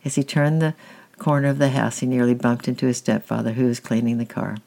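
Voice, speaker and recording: A man narrating a storybook with a calm, steady reading. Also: mid-range voice, brisk, creaky.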